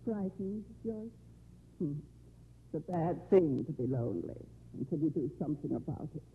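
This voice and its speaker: A woman's voice: low-pitched, animated, normal speed, slightly rough, heavily acted. An actress playing a lonely, sardonic older woman who drinks too much, in 1950s radio drama style, with a mocking, theatrical manner. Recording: dull, faintly hissy 1950s radio broadcast.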